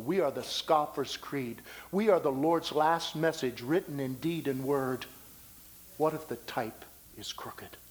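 A man preaching a sermon as pastor of his church. He delivers loud declarations and drops into hushed asides. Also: medium pitch.

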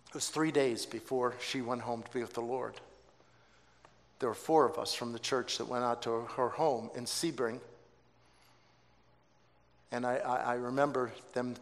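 Male pastor, mid voice, animated sermon storyteller, reverberant sanctuary. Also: medium pitch. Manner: animated, acts out quoted voices, stammering restarts. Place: church sanctuary. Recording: long hall reverb.

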